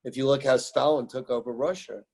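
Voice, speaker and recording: A man's voice: mid-range voice, fairly even intonation, a little fast, vocal fry, darkish tone, slightly rough. An American man telling music-business stories in an interview, emphatic and rambling, repeating his phrases. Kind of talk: animated storytelling interview.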